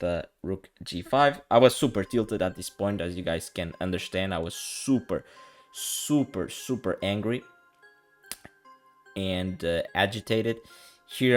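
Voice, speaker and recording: A young man casually recapping his own chess tournament game, telling the story in an animated, exasperated way full of slang and acting out what was said. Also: fairly low pitch. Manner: animated, exasperated, slangy, acts out quoted lines.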